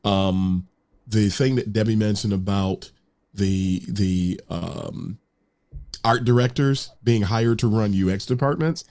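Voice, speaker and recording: A man's voice: fairly low pitch, takes it slowly, a little mellow. A man in a casual panel chat, a UX practitioner speaking frankly and earnestly, with some stumbles. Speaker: UX practitioner, podcaster.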